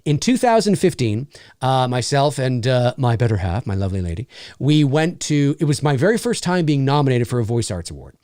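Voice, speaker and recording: Animated, chatty man telling a story. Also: mid-range voice, fairly quick, no echo, clean studio sound. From Canada. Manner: animated and chatty, with many fillers. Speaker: livestream host and voice actor. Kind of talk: casual livestream storytelling.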